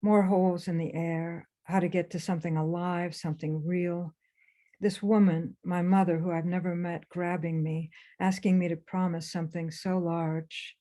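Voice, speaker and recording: A woman author reading her own memoir aloud for a webinar, in a measured, intense first-person delivery. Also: lowish voice, level tone, warm tone. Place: remote webinar.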